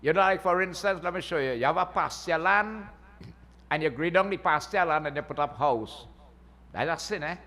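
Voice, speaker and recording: A pundit delivers a folksy Hindu sermon in a temple hall, often asking the crowd "eh?" to check in with them. His voice sits on the high side and sounds expressive, pushed and bright, at a moderate pace. The long reverb of the temple hall carries through the recording.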